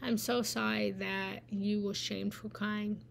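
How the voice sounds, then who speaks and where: Woman, meditation teacher, gravelly voice, earnest, hushed asides, faint background noise. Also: mid-range voice, level tone, slow. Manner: earnest, encouraging, drops into hushed whispered asides; repeats phrases for emphasis. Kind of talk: live-stream spiritual talk answering viewer comments.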